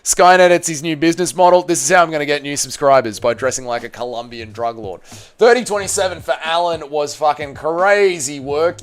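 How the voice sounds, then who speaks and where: A man's voice: a little high, expressive, fairly quick. An Australian man from Tasmania hosting a casual fight-night livestream, bantering with chat and swearing freely. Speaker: livestream host.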